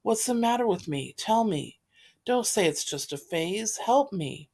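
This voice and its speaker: A woman's voice: sits low, steady tone, normal speed, close to an everyday voice. A woman reading the part of an anxious, remorseful teenage girl who pleads and blames herself. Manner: pleading, self-reproaching.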